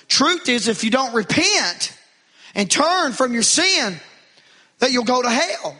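Bright high-voiced male preacher. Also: sing-song, measured pace. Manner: preaching with rising fervor, calls to the congregation. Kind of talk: sermon.

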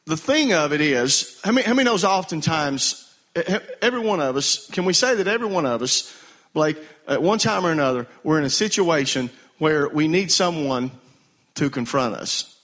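A man's voice: fairly high pitch, animated, moderate pace, fairly bright tone. Pastor guy preaching, keeps asking the church to say amen. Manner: call-and-response preaching, urging the congregation to answer. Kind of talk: sermon.

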